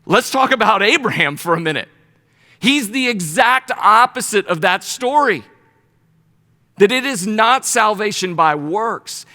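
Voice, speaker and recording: A man leads a Bible study in a casual, storytelling sermon, full of lively asides and playful voices. His voice sits high and bright. Long reverb from the hall trails behind each phrase. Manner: animated storyteller, slips into playful paraphrased voices.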